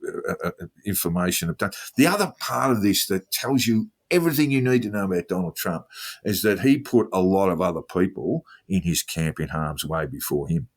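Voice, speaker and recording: A man's voice: deep voice, lively intonation, brisk, breathy edge. A man co-hosting a podcast, chatting about politics in a hesitant way full of fillers. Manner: hesitant, filler-heavy delivery. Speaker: podcast co-host. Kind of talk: casual political chat.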